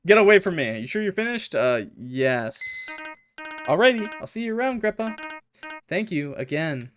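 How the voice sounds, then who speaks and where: A man streaming a game, reading the characters' lines aloud in put-on higher voices between joking and swearing. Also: very animated, normal speed. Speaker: gaming streamer. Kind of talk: let's play with voiced dialogue reading. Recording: music playing behind the voice. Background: game music.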